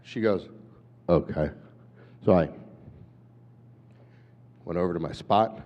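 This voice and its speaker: A man in his fifties, an animated storyteller who acts out voices, giving a talk at a conference. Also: low-pitched, measured pace. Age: 50s. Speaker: conference speaker. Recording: dull hall recording with long reverb.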